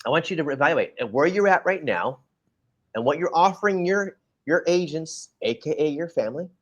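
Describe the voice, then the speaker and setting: A man's voice: on the high side, expressive, a little fast, dull audio. A man co-hosting a casual talk show, ranting bluntly and lecturing the listener directly. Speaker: podcast co-host.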